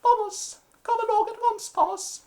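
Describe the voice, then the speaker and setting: Man doing a shrill prim English lady. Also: fairly even intonation, moderate pace, a little mellow. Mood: haughty. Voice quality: falsetto. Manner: prim, haughty, scolding. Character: prim, haughty English lady, middle-aged mother.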